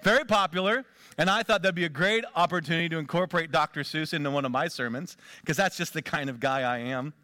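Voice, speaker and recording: A man preaching a sermon as pastor, animated and rhythmic, building up emphasis as he speaks. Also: a little high, fast, dry recording, clean studio sound.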